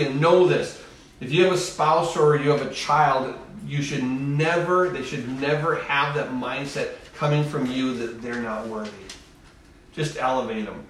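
Echoey preacher man, slightly high. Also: measured pace. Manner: emphatic, repeats phrases, acts out voices. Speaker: pastor. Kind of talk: sermon. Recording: echoey room, far from mic.

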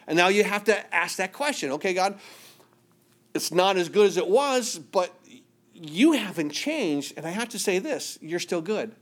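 Higher-voiced man preaching a sermon. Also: animated, a little slow. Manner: earnest preaching, voice dropping soft in quoted prayers. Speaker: pastor.

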